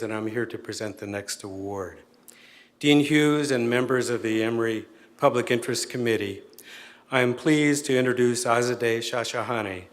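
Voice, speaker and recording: Man, award presenter, measured formal read introduction, long hall reverb. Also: mid-range voice. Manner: measured, read-aloud delivery. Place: event hall.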